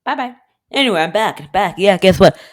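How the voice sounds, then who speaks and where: A woman's voice: medium pitch, animated, moderate pace. A woman casually narrating a home cooking video, joking to herself and filling gaps with "anyway". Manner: rambling, jokey, keeps saying "anyway"; talks to self and the viewer.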